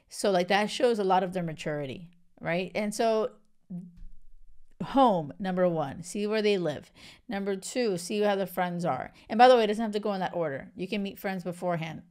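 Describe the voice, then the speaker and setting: A woman in her thirties hosts a podcast, talking through relationship advice in a loose, chatty way. Her voice is smooth and clear at a middle pitch. She peppers her talk with "like" and "right?", and she often drops into little acted-out quotes. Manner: chatty, animated, fillers like "like" and "right?". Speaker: podcast host. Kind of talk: casual advice monologue.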